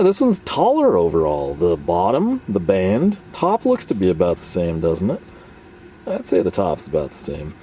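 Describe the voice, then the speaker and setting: Playful low-voiced man demoing tools. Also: warm tone, a little hiss or hum. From Texas. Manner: playful, talks back to imagined viewers. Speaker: tool reviewer. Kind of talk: casual product demo talk.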